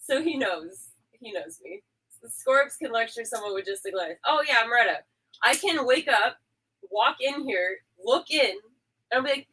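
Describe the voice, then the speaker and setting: A woman's voice: fairly high pitch, lively intonation, moderate pace, a bit bright, slightly rough, low-quality recording. A woman chatting casually, playful and sarcastic, calling herself a little too spazzy. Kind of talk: casual chat.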